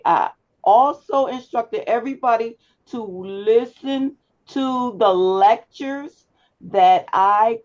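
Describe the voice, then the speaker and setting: A public speaking instructor with a slightly high, slightly mellow voice lectures live online, firmly instructing her students and addressing them directly. The audio comes from a computer mic on a video class call and sounds slightly dull.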